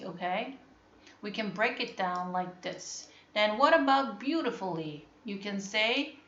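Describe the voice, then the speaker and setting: A woman teaching an English class online, speaking slowly, repeating words and checking that the students understand. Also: medium pitch, expressive, fairly bright tone, a little hiss or hum. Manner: slow, repetitive, checking understanding. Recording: muffled, echoey room.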